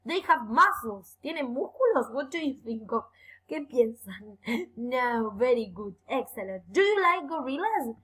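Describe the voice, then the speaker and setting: Young woman teacher, high and bright, bouncy intonation; encouraging, stretches out key words for kids. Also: husky, rough recording. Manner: lively, encouraging, slow careful emphasis on words. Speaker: English teacher. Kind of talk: bilingual online lesson for children.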